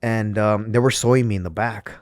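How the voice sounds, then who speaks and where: Man, interview guest, earnest and candid storytelling, lowish voice, dry sound. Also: fairly even intonation, brisk, no echo. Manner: earnest, candid retelling with frequent restarts. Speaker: podcast guest, former pro wrestler.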